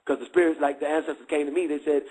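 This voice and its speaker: A man's voice: on the high side, level tone, rapid-fire, a little mellow, husky, low-quality recording. A middle-aged man giving a candid testimony in street slang, checking again and again that listeners follow.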